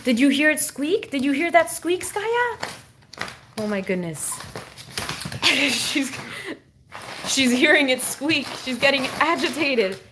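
A woman with a high voice hosts a live stream from her home. She coaxes her dog in bubbly, sing-song baby-talk and thanks her viewers. A faint hiss sits under her voice. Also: lively intonation, slow pace, pauses often. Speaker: pet channel host. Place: home, indoors.

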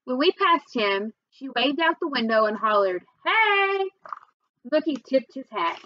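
Lady reading a kids' book aloud, expressive, kinda high, dull dry sound. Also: moderate pace, no room sound. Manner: expressive first-person storytelling. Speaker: reader. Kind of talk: reading a children's novel aloud.

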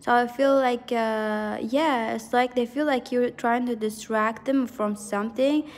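A woman's voice: on the high side, steady tone, unhurried, long reverb tail. A woman giving a pick-a-card tarot reading in a rambling, intuitive way, full of fillers and frequent laughs. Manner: intuitive, earnest, laughs often. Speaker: tarot reader.

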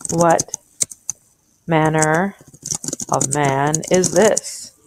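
An uneasy young Puritan man speaks in a low, gravelly voice, as a woman reads his part aloud. His phrasing is old-fashioned and reluctant, as in a storybook. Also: extremely slow, darkish tone, slight background noise, heavily acted, poor audio. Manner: archaic, reluctant reading.

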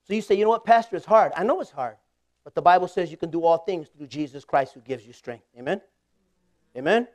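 High-voiced joking pastor. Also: male voice, lively intonation, fairly quick, dry recording. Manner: conversational and humorous, often laughing; swings between loud bursts and quiet asides. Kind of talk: storytelling sermon.

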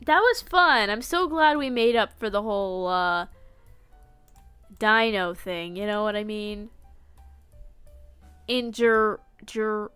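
A woman's voice: mid-range voice, measured pace, pushed and bright, clear, resonant tone, soft background music. A young woman streaming a game live, playful and dramatic, swinging from mock-solemn to giddy squeals.

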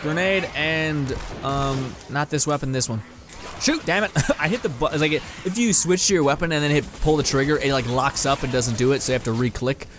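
A man's voice: on the high side, a little fast, background noise. A young man from Canada giving rambling, laugh-filled commentary while playing a video game, now and then swearing at it. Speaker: gaming YouTuber. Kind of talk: casual let's play commentary.

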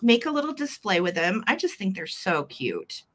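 A woman's voice: medium pitch, very animated, normal speed, fairly bright tone. A woman hosting a live vintage sale, chatty and gushing as she describes each item. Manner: chatty and gushing, fond little words. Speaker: host selling vintage items live.

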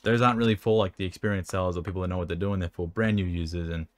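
Racing along in a low voice with fairly even intonation, a man casually answers viewer questions about selling cards. He rambles and stumbles, hiccuping with a dry mouth, from an indoor spot beside an air conditioner.

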